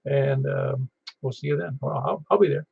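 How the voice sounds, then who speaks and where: A man's voice: medium pitch, steady tone, moderate pace, vocal fry, breathy edge, no echo. A man hosting an amateur radio net in casual chat, rambling and telling stories with many restarts. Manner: rambling, chatty, self-interrupting storyteller. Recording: slightly muffled lo-fi audio.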